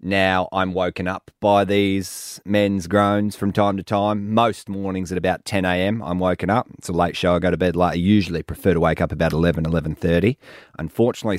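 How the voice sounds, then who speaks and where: Deep-voiced Australian radio host. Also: male voice, fairly quick, dry recording, clean studio sound. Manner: animated storytelling with acted quotes. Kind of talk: casual radio chat. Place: radio studio.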